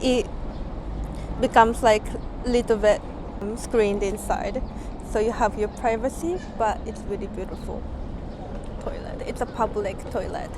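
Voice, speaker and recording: A woman's voice: mid-range voice, steady tone, measured pace, pauses often. A woman with a Japanese accent chatting casually in English as a vlogger, rambling with lots of fillers, recorded outdoors on city streets. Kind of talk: casual vlog chat. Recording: loud street and traffic noise.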